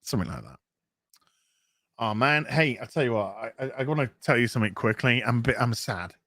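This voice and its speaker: A man's voice: mid-range voice, brisk, dry recording, studio quality. A man hosting a casual live stream, chatting and reading out viewer donation messages. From England. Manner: animated, chatty, reads donor messages aloud.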